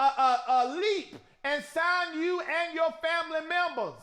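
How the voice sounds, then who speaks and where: High, lively male talk-show host. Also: normal speed, few pauses. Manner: animated, loud and mocking, with preacher-like mimicry. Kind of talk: casual commentary.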